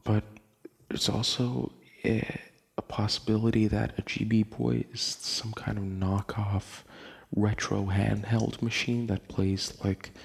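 Slow, gravelly young man rambling. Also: lowish voice, darkish tone. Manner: rambling, laughs often, swears casually. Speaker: podcast host. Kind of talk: casual late-night podcast monologue.

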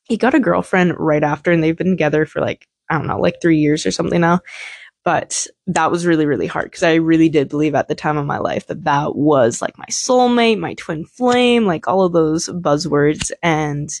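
A woman's voice: low-pitched, steady tone, a little fast, no room sound. A young woman hosting a podcast, telling a candid, rambling personal story full of swearing and filler words. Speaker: podcast host.

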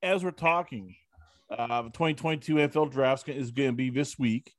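A man hosting a casual interview who asks long, animated questions and acts out reactions. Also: medium pitch, normal speed, dry recording, studio quality. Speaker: interview host.

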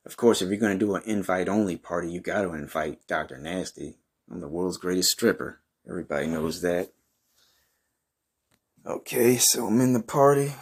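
A man telling a crude comic story in the first person, brash and swaggering, who swears a lot and bursts into outrage. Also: lowish voice. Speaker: comedy podcast host.

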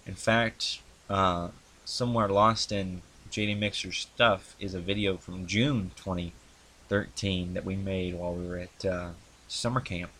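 Rambling young man, low voice. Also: steady tone, a bit bright, slight background noise. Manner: halting, many ums and restarts. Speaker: YouTuber recounting his channel's history. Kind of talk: casual rambling monologue. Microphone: handheld mic he adjusts.

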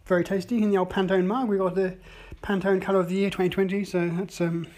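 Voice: mid-range voice, flat delivery, fast talker, a little mellow. Rambling chatty vlogger. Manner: rambling and chatty, with many ums and self-mocking asides. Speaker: vlogger tasting coffees. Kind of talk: casual daily video diary. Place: at home, indoors.

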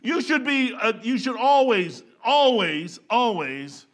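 An older man giving an informal sermon in a folksy, excitable way, breaking into loud outbursts. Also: very high voice, slow. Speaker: preacher.

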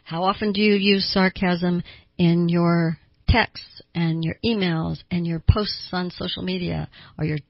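Older woman, therapist host of an advice show, breathy low voice, earnest and questioning, dry muffled studio sound. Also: fairly even intonation, unhurried, no room sound. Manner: earnest, asks listeners direct questions.

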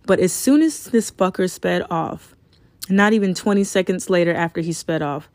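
Young woman, low-set voice, blunt and cursing storyteller, dry close sound. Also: normal speed, dry recording. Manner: frank and profane, animated retelling. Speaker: storyteller sharing a personal experience. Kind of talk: casual personal storytelling.

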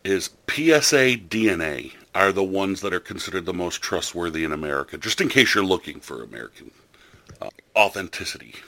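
A man's voice: low-pitched, expressive, brisk, a bit bright. A man hosting a podcast in casual chat, chatty and enthusiastic with a rambling way of telling stories. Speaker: podcast host.

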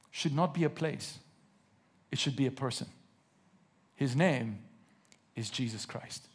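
Husky high-voiced male preacher. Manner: reads scripture slowly with emphasis, asks the congregation questions, jokes. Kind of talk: sermon to a live congregation. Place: church.

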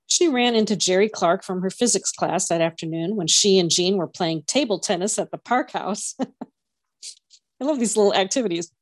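A woman reading a novel aloud in a steady storytelling voice. Her pitch sits in a middle range, and the recording is dry and close. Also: no room sound. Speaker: podcast co-host, reader.

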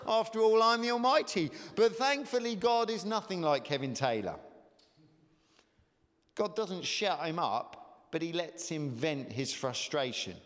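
High-voiced preacher in a hall. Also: male voice. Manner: conversational, with hesitant fillers and rising emphasis. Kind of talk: sermon.

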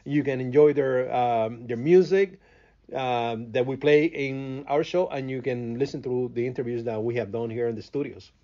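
A man from Cuba speaks English in a relaxed interview. He hesitates, repeats himself and pauses to find words. The audio is slightly muffled. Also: mid-range voice. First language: Spanish. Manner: hesitant, many fillers and restarts while searching for words. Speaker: radio host, interview guest. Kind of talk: casual interview talk.

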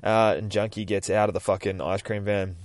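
A man's voice: on the low side, level tone, a little fast, no echo, studio quality. A man, casually recapping a comic book on his podcast, swearing constantly and rambling. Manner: profane, rambling, acts out characters in shifting voices. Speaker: podcast host.

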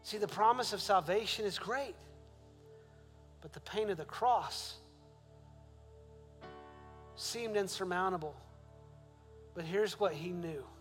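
Male pastor, fairly high voice, sermon in a reverberant hall, soft music under it. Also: takes it slowly, pauses often. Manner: rising to emphatic questions, then soft prayer.

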